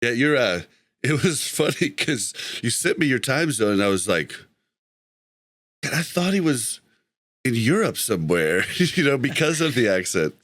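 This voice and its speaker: A man at a middle pitch hosts a casual gaming podcast, loose and chatty. He laughs often and fixes his slips on the fly. The sound is dry and close. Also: big pitch swings, moderate pace, fairly bright tone, no room sound. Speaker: podcast host.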